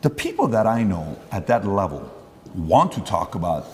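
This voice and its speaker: Male podcast host, low voice, rambling and anecdotal, with a long room reverb. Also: very animated, moderate pace, darkish tone, slight background noise. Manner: rambling, acts out quoted dialogue. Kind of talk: conversational podcast interview.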